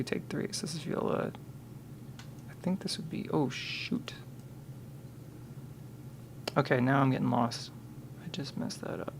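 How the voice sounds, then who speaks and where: A man's voice: medium pitch, vocal fry, a little hiss or hum. A man on a live stream, thinking aloud and muttering to himself, counting and correcting himself as he works.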